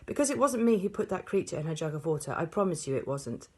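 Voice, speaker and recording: A woman's voice: deep voice, expressive, fast talker, warm tone, slightly rough. A woman voicing a small, clever schoolgirl who speaks earnestly and eagerly in a storybook reading.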